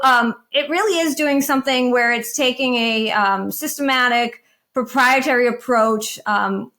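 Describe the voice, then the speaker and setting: A woman with a slightly raised voice sits on a panel and talks it through plainly. She sounds matter-of-fact and pads her points with frequent ums and uhs in a relaxed discussion. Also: on the high side. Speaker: guest judge analyzing funds.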